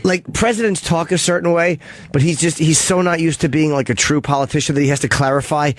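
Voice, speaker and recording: A man co-hosting a talk radio show, trading crude, self-mocking jokes and breaking into loud yells. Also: on the high side, steady tone, quick pace, no room sound. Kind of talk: crude comedic banter.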